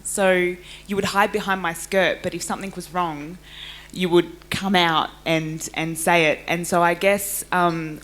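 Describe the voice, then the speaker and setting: A woman speaking on a discussion panel about gaining confidence, thoughtful and a little hesitant. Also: fairly low pitch. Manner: thoughtful, hesitant, many fillers. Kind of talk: personal reflection on a discussion panel.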